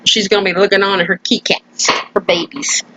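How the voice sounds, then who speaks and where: Bright-voiced chatty woman crafter. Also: mid-range voice, little pitch movement, fairly quick, slight background noise, poor audio. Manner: chatty and playful, often slips into a put-on folksy country voice. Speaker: craft channel host. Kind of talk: casual crafting voice-over. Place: at home.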